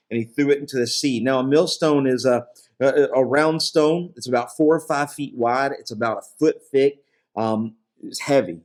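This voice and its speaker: A man teaching through a Bible chapter verse by verse in a relaxed, conversational way, with many fillers and check-ins, and his voice drops low on solemn lines.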